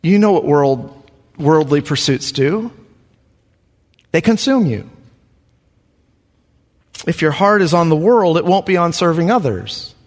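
A man's voice: a little high, lively intonation, measured pace, pauses often, in a large hall. A man preaching a sermon. He talks earnestly and repeats questions for emphasis. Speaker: pastor.

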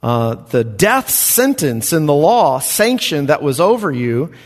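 Animated man preaching in a reverberant hall. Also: a little high, slow pace. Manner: emphatic, lively preacher with soft chuckles. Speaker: pastor. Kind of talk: expository sermon.

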